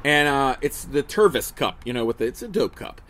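Speaking a little fast with lively intonation, this middle-aged comedian chats jokily to viewers on his daily livestream. His mid-range voice is fairly bright, with a little hiss or hum from the phone on camera at an outdoor table beside a house, and he rambles with restarts and asides.

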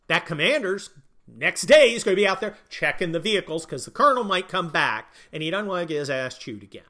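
A man giving opinionated casual commentary, blunt and crude with joking asides, swinging from loud bursts to muttered remarks. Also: on the high side, sing-song, a little fast.

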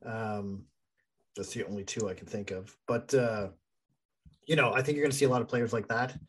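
A man's voice: lowish voice, fairly even intonation, moderate pace, fairly bright tone, breathy edge. A man co-hosting a casual sports chat, rambling and thinking aloud with plenty of fillers. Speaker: podcast co-host.

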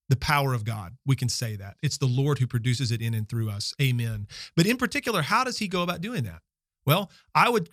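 A man's voice: medium pitch, a bit bright, dry recording. Earnest man teaching in a dry studio. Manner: earnest, teaching, with deliberate pauses. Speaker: podcast co-host. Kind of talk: casual theological discussion.

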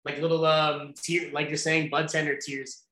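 A man who is a podcast guest, chatty and quick to jump in with short remarks. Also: fairly high pitch, level tone, pushed and bright, reverberant. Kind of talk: casual podcast chat.

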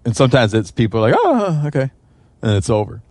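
A man's voice: mid-range voice, sing-song, quick pace, darkish tone, slightly rough, no echo. A man hosting a casual podcast, congested with a sore throat, who talks loosely and restarts his sentences. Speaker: podcast host.

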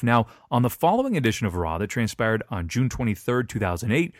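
A man in casual podcast chat, recapping wrestling storylines with easy asides and bursts of laughter. His voice sits at a mid pitch and is recorded close and dry, with no room sound. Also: big pitch swings, brisk, dry recording. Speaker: podcast co-host.

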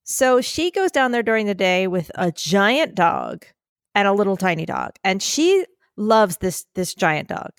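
A woman co-hosting a podcast in casual chat, animated and slightly breathy, recording from a makeshift spot in a puppy pen. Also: medium pitch, unhurried, dry recording, clean studio sound. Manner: animated, keeps addressing her co-host by name, acts out quotes. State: a little breathy. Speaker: podcast co-host.

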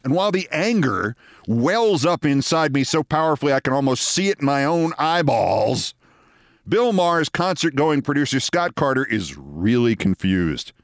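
Lively storyteller man in his sixties. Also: medium pitch, dry recording, clean studio sound. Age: 60s. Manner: measured, dramatic storytelling with wry asides. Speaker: host. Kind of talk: storytelling monologue.

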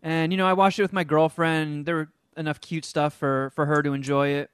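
Animated man with a dry close sound. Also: on the high side, brisk, smooth, no echo. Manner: animated storyteller, hams up silly voices for the characters he describes. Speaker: podcast co-host reviewing a film. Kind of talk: casual chat.

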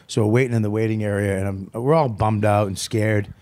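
A man's voice: on the low side, fast, hardly any pauses. Profane man telling stories in casual banter. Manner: profane, animated storytelling with impressions. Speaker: comedian podcast co-host.

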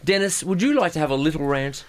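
A man hosting a casual sports chat show, wry and quick to chip in. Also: fairly high pitch, a little hiss or hum. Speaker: host.

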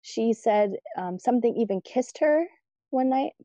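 A woman guest telling stories in a casual interview, chatty and lively when she quotes her family. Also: fairly high pitch, unhurried, dry recording. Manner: chatty, animated when quoting family, laughs easily.

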